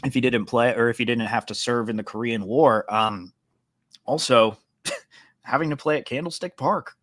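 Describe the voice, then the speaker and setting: A man's voice: mid-range voice, moderate pace, a bit bright, dry recording. A man co-hosting a sports podcast, talking casually with many fillers and restarts. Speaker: podcast co-host.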